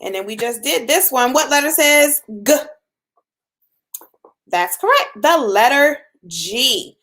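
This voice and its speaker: A woman teaching a phonics lesson to young children, patient and encouraging, sounding out letters slowly. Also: high-pitched, animated, fairly bright tone. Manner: slow, patient, drawn-out sounds with encouraging praise.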